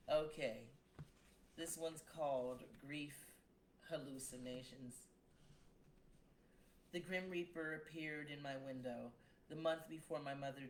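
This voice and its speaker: A woman reading her own poetry aloud on a live stream, slow and measured, with brief casual remarks between poems. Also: extremely low pitch, a little hiss or hum, rough recording. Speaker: poet reading own work.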